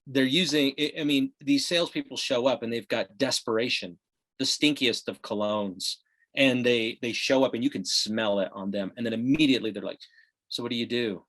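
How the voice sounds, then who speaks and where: A male podcast host with a mid-pitched voice. He talks casually and bluntly, trading crude jokes and colorful comparisons. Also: normal speed, a bit bright. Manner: blunt, joking, vivid analogies. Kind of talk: casual conversational chat.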